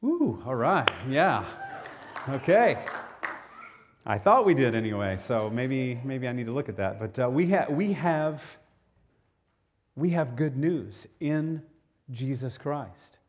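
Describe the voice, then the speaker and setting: A man's voice: mid-range voice, sing-song, takes it slowly, long pauses, slight background noise. Man preaching a conversational sermon. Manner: conversational, repeats words, asks the congregation questions. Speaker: pastor.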